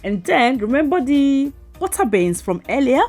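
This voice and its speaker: A woman's voice: sits high, sing-song, moderate pace, a little mellow, faint music behind. A woman cooking vlogger chatting playfully to her viewers, teasing and giggling as she talks them through a recipe. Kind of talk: voice-over cooking demo.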